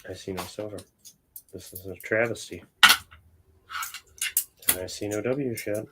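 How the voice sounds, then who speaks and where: A man's voice: lowish voice, steady tone, measured pace, very noisy. A man from Ohio hosting a casual livestream while hunting through coin rolls, blunt and joking in his crude banter. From Ohio, USA. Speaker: livestream host.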